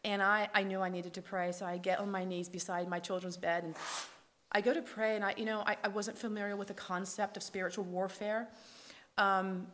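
A woman telling a personal faith testimony as a lively storyteller, acting out the dialogue and dropping to a whisper at tender moments. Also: mid-range voice, fairly quick. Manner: lively storyteller who acts out quoted dialogue. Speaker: speaker sharing her faith testimony.

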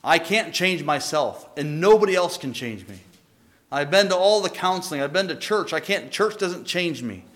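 A man telling his personal faith testimony in an earnest, halting way, often restarting his sentences. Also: on the high side, fairly bright tone.

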